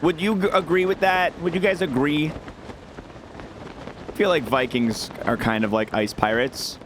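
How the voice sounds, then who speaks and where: A young guy streams a game and rambles casually in reply to his chat, his voice sitting on the higher side with a slightly bright edge. Mouse clicks and background noise run through the recording.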